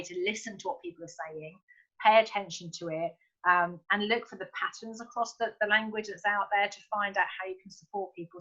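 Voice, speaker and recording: A woman's voice: mid-range voice, sharp tone, lo-fi sound. A middle-aged woman hosting an interview, asking questions and thinking aloud as she adds her own points. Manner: thinking aloud, with fillers and restarts. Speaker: interviewer and podcast host.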